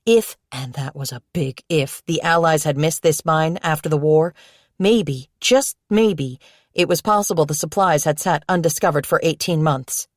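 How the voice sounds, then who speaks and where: A woman reading a novel aloud as narrator, in steady, measured storytelling. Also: low voice, no echo, studio quality. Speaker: audiobook narrator. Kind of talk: scripted narration.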